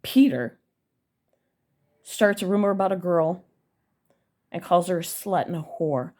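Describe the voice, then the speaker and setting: A woman's voice: on the low side, a little slow, a little mellow. A young woman telling an angry personal story to her viewers, blunt, heated and full of swearing. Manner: blunt, profane and heated, addressing viewers directly. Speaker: vlogger.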